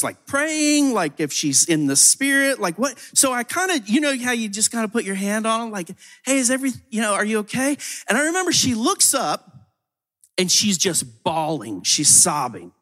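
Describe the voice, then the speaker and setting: A man's voice: high-pitched, big pitch swings, normal speed, fairly bright tone. A man giving a sermon testimony as a ministry leader. He tells the story casually, with frequent "like" fillers and repeated words.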